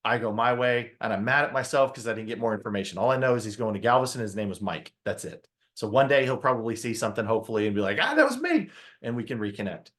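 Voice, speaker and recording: A man giving a motivational talk to an audience, telling a story with lively acted-out quotes and questions to the crowd. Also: fairly low pitch, fast, few pauses. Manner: animated storyteller, acts out his own quotes, asks the audience questions. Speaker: motivational speaker.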